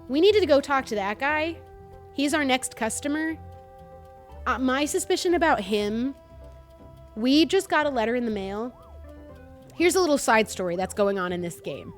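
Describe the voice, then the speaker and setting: Young woman, light North Jersey accent, gaming commentary, lively up-and-down voice, faint music behind. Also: high voice, normal speed, long pauses. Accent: North New Jersey. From North New Jersey. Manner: chatty, animated, self-deprecating. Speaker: streamer.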